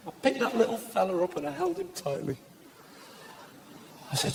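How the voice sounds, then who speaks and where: A man with a Northern English accent doing live stand-up comedy in a theatre, chatting with the audience and shouting his punchlines. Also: very high-pitched, normal speed, creaky, long pauses. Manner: animated, shouting punchlines, acting out voices. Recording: live theatre recording with faint room noise.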